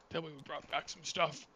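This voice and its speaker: A man's voice: on the high side, bright, forceful tone, far from the mic, a little hiss or hum. A playful man at a tabletop game who laughs often. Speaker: player.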